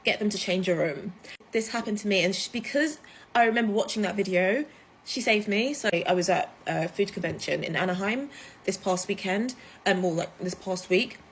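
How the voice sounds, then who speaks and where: A woman from the UK, telling a story to camera in a chatty, animated way, full of fillers. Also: medium pitch, normal speed, a little hiss or hum. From United Kingdom. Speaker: vlogger. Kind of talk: casual storytime vlog.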